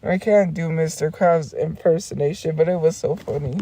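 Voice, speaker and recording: A woman's voice: low-pitched, moderate pace, warm tone, a little hiss or hum. A woman streamer in casual livestream chat, rambling along with frequent laughs and restarts.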